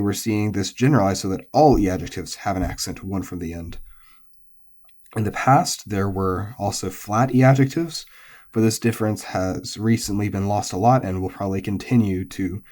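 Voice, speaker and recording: Man, language teacher, mellow, unhurried, um-filled explanations. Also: lowish voice. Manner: relaxed, explains step by step with many ums and uhs. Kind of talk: recorded pitch-accent lesson.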